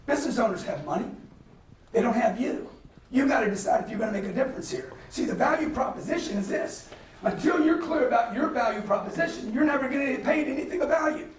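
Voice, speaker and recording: Brief: high-pitched male motivational speaker, punchy and animated, recorded at a distance in an echoey hall. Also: quick pace. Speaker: guest speaker. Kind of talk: motivational business lecture. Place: lecture hall. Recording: roomy hall, mic at a distance, faint ambience. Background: audience laughter.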